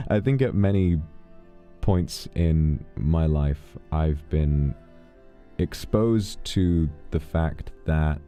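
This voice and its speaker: A man streaming from home who reads out thanks to his fans in a soft, intimate way and is close to tears. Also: extremely low pitch, drawn-out words. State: emotional, holding back tears. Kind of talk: casual livestream talk, reading out fan thanks. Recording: dull lo-fi audio with faint music.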